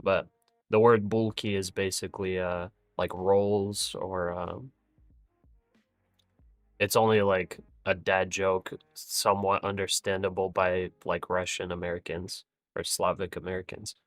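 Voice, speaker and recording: A man hosting a casual livestream chat, speaking in a lowish voice that sits close and dry on the mic. He is easygoing and hesitant, full of fillers and restarts. Faint music plays underneath. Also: flat delivery, unhurried, no room sound. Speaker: livestream host.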